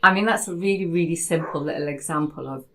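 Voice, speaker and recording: A woman's voice: deep voice, fast talker, noisy background. Chatty woman telling a story. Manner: storytelling, animated, many restarts. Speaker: host. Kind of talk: casual conversation. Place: home in Spain.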